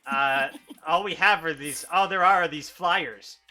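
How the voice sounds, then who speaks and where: A prim, flustered elf clerk, played by a man, who stammers through customer-service politeness. The voice is bright and a bit high. Faint music sits in the background. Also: unhurried. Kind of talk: improvised tabletop role-play.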